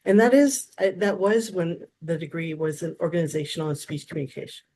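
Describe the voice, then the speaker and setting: A woman in her fifties from Wisconsin, a therapist guest telling lively stories and acting out quotes in a casual interview. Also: low voice, a little fast. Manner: animated storyteller, acts out quotes.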